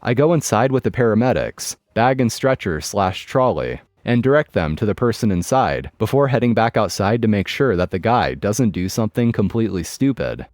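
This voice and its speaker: A man's voice: lowish voice, big pitch swings, normal speed, few pauses, a little mellow, no echo. A man reading a first-person story in a wry, matter-of-fact scripted narration. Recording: dry close mic with music bed.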